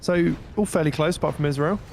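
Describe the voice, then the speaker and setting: A man co-casting a strategy game tournament, talking in a relaxed, somewhat hesitant way and laughing along. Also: fairly high pitch, fast talker, vocal fry, background noise. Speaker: co-caster. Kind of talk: casual esports commentary.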